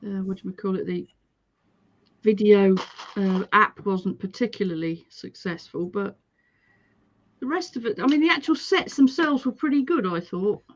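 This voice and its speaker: A woman co-hosting a livestream in casual chat, relaxed and asking gentle questions. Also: medium pitch, moderate pace, muffled recording, slight background noise. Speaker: livestream co-host.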